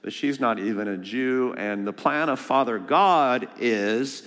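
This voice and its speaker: A man preaching a sermon as a guest speaker, lively and joking, asking the congregation questions. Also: medium pitch, unhurried, in a large hall. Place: church sanctuary.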